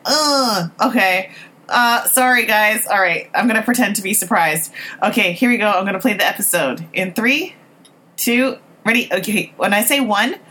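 A woman's voice: mid-range voice, a bit bright, slightly rough. Giggly woman doing casual TV commentary. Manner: chatty, giggly, reacting aloud while watching. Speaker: podcast commentator. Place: echoey room at home. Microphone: built-in computer microphone.

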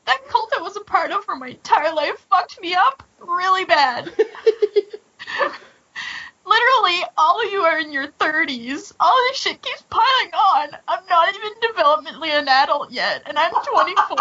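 A woman's voice: extremely high pitch, pushed and bright, voice pushed up, heavily acted. A woman voicing a whiny, tearful young woman fighter in her twenties, wailing and half laughing as she reads. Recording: slightly muffled lo-fi audio.

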